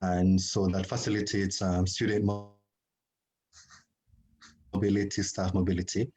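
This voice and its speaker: A man from Jamaica, president of an expatriate association, introducing himself in a measured, explanatory way on an online panel over a video call. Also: sits low, level tone, a little mellow, rough recording.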